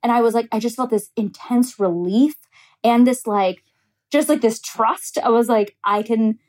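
A woman's voice: on the high side, moderate pace, darkish tone. A young woman hosting a podcast, telling a personal story in casual chat, candid and profane, laughing often.

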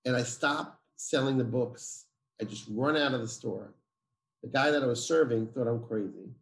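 Man, forties, gravelly voice, emphatic storyteller, roomy echo. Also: medium pitch, moderate pace. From Israel. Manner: emphatic, acts out dialogue. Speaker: guest. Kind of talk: personal storytelling.

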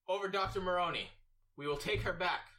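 A woman's voice: lowish voice, fairly quick, sharp tone, far from the mic, voice pushed up. A game master voicing a stern female captain who gives clipped, commanding orders.

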